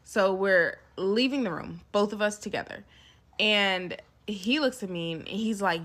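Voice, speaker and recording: Young woman, casual storytime monologue, emphatic, mid pitch. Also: unhurried. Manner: emphatic, animated retelling with acted quotes and asides to viewers. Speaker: storyteller recounting a past relationship.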